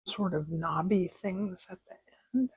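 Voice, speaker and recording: A middle-aged woman hosting a relaxed embroidery tutorial from her craft desk at home, with soft, unhurried, chatty asides. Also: on the low side, breathy edge, no room sound, highs cut off. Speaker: embroidery video host. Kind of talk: relaxed stitching tutorial chat.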